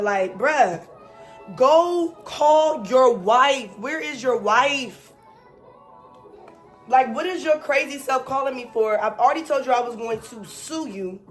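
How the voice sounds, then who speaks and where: A young woman chatting casually to her viewers, her voice sitting on the high side as she tells a story. She keeps checking in with quick asides and repeats herself when she's exasperated. Faint music plays behind her. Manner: animated storytelling, frequent "right?" asides; exasperated, emphatic repetition. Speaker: vlogger. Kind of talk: casual chat.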